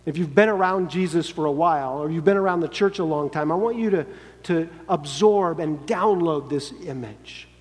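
A man's voice: a little high, moderate pace. A man preaching a sermon in an earnest, emphatic way, sometimes acting out quoted lines. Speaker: pastor. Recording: long hall reverb.

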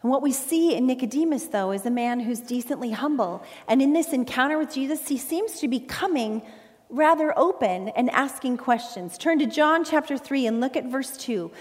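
Woman pastor, sermon, fairly high voice, earnest and emphatic, church hall with long reverb. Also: lively intonation. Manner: earnest preaching with emphatic pauses. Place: church sanctuary.

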